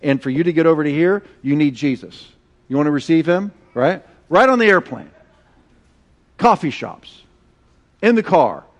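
A high-voiced middle-aged man preaching to a church congregation. He keeps the sermon animated and conversational. He often has the crowd repeat words back to him. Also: moderate pace, long pauses. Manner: animated and conversational, leads call-and-response with the congregation. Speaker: pastor. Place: church sanctuary.

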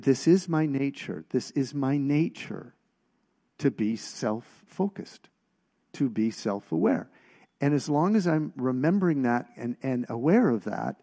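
A man's voice: medium pitch, lively intonation, normal speed, gravelly, mellow. A man giving a conversational sermon, emphatic and asking his listeners questions. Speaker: preacher.

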